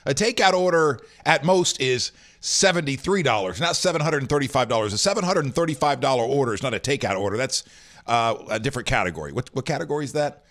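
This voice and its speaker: A man runs through the day's news in a loose, rambling chat. His pitch swings widely as he reacts to stories. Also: lively intonation, fast, a bit bright. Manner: rambling, rough news rundown full of fillers. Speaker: host. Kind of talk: casual morning news chat show.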